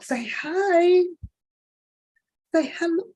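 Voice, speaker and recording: An older woman with a high voice plays with her grandchild, drawing out slow, teasing complaints and mock cries of pain. Her talk is playful baby talk, dramatic and unhurried. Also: expressive, dark tone. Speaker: grandmother playing with a toddler.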